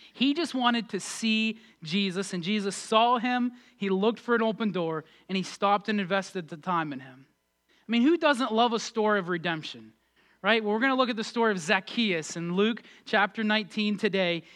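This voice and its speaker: A man pastor preaching a sermon and leading prayer, energetic and emphatic with fervent peaks. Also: high voice.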